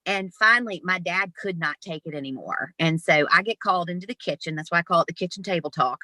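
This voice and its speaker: A woman in her fifties, an animated guest telling stories with laughs in an interview over a video call. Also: on the low side, fast, no echo. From Southern United States. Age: 50s. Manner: animated, laughing, lively storyteller. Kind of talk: storytelling interview.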